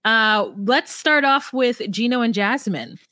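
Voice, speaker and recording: A woman's voice: fairly high pitch, unhurried, sharp tone, no echo, studio quality. A woman co-hosting a casual podcast about reality TV, playful and giggly, breaking into sung bits. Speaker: podcast co-host.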